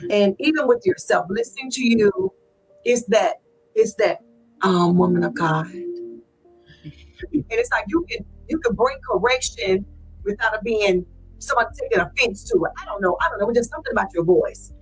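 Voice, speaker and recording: Husky, effusive woman talk show host. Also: sing-song, normal speed, poor audio. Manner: effusive, repeats herself, swoops in pitch. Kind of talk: casual interview chat. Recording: faint music underneath.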